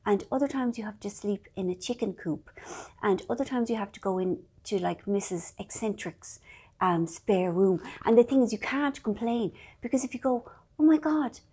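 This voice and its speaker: A woman's voice: mid-range voice, normal speed, dark tone, husky. An Irish woman author chatting casually in a vlog, self-deprecating, with whispery asides.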